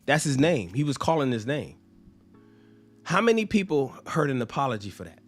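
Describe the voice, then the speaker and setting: A man's voice: mid-range voice, very animated, moderate pace, soft background music. A man giving a blunt opinion monologue to camera, emphatic and profane, acting out the people he quotes. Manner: blunt, emphatic, swears freely; acts out quoted people in mocking voices. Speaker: social commentator.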